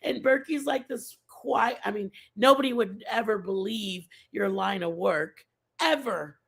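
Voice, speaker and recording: A woman's voice: mid-range voice, fairly even intonation, a little slow, vocal fry, husky. A woman hosting a casual livestream, chatting with viewers in a rambling, repetitive way. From Mexican family background. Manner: rambling, chatty, repeats herself. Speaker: livestream host. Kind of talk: casual chat with live viewers.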